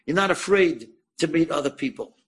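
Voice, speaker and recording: A man telling an inspirational story as a sermon, animated and asking the listeners questions. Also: a little high, normal speed, slightly rough.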